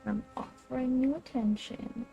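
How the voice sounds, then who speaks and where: A woman's voice: sits high, steady tone, measured pace, gravelly, mellow, muffled recording, slight background noise. A woman streamer chatting casually as she plays a game and talks to her pet between moves. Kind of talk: casual gameplay commentary.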